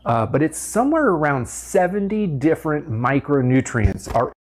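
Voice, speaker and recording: A man's voice: on the high side, sing-song, moderate pace, very noisy. A man in a video clip explaining a product in an offhand way, unsure of the exact figures.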